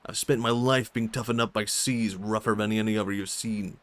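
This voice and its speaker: A Swedish man voicing a gruff, boastful male talking fish from a video game. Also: fairly low pitch, fairly even intonation, normal speed, slight background noise, lightly acted.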